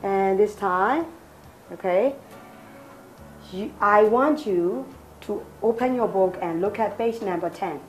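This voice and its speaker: A woman's voice: medium pitch, slow pace, long pauses, soft background music, poor audio. A woman with a Burmese accent teaching English to a class, encouraging students and repeating their answers back with many "okay"s. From Myanmar.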